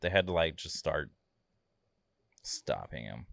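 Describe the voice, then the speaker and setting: A man's voice: very deep voice, big pitch swings, a little slow, creaky, no echo. A man co-hosting a casual podcast, laid back, telling a story with short dry remarks. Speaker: podcast co-host. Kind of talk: casual chat.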